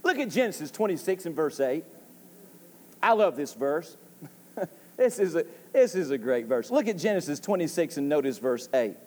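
A man's voice: fairly high pitch, very animated, moderate pace, a little mellow. A man preaching a sermon in a folksy, joke-telling way, building to emphatic calls for an amen. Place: church sanctuary. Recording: long reverb of a church hall.

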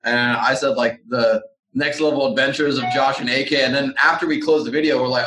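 Bright-voiced joking male loan officer. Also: medium pitch, fairly even intonation, a little fast, roomy sound, poor audio. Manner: joking, profane, laid-back. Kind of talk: casual podcast interview.

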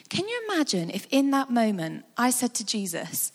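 High-voiced woman speaking in a hall. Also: normal speed, few pauses. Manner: animated and conversational, with fillers. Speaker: church speaker. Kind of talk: guided imagination talk. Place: large hall with a sound desk. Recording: long hall reverb.

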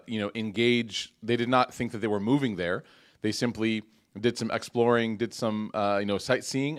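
A man giving a casual religious lecture to a live audience in a mosque hall, talking conversationally with many fillers and restarts. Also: fairly low pitch. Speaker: Islamic lecturer.

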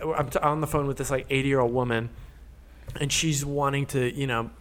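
A man's voice: medium pitch, fairly even intonation, fairly quick. A man telling stories in casual podcast chat, swearing freely and acting out the voices of people he quotes.

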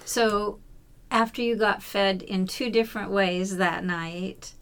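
Female co-host, slow and gentle with her questions. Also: mid-range voice, fairly even intonation, clear, resonant tone. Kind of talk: casual chat.

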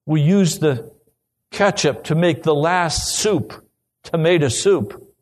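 A man's voice: on the high side, animated, takes it slowly. A man preaching a sermon, telling his own testimony earnestly and then pressing urgent questions on the listener.

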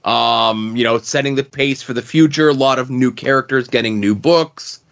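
A man's voice: medium pitch, moderate pace, gravelly, a bit bright, muffled recording. A man co-hosting a comics podcast in casual chat, rambling with lots of fillers. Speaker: podcast co-host.

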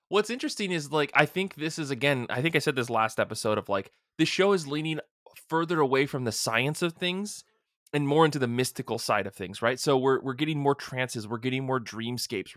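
A man's voice: mid-range voice, no room sound, studio quality. Chatty man recapping a show. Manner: animated, retells scenes with quoted voices. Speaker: podcast co-host. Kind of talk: casual recap chat.

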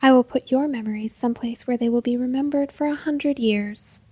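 A woman's voice: brisk, husky, dry recording. A woman doing a cold, taunting vengeful princess. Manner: calm, taunting, low and menacing.

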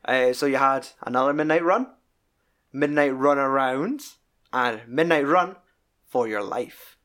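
A man talks through a film in loose, rambling chat, swearing freely. His voice sits at an everyday middle pitch, and he piles clause on clause as he recalls scenes. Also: unhurried, a bit bright. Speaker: podcast co-host. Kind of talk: casual film review chat.

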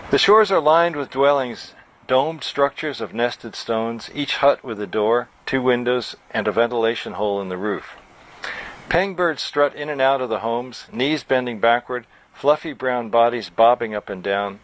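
A man reading his own novel aloud at a bookstore event, in a measured storytelling voice. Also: medium pitch, rough recording.

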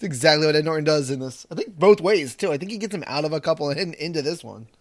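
A man with a slightly high voice, recorded dry and close, chatting casually about movies. He gives relaxed, opinionated takes and agrees easily with his friends. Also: quick pace, no echo. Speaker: podcast co-host.

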